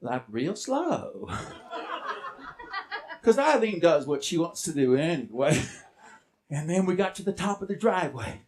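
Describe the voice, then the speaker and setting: A playful man spinning a tall tale on stage, teasing his listeners as he goes. His pitch swings widely and animatedly, from low drawls to high bursts. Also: sing-song, unhurried, pauses often, darkish tone, a little hiss or hum. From Texas. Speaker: storyteller. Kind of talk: live storytelling performance. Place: stage before a live audience.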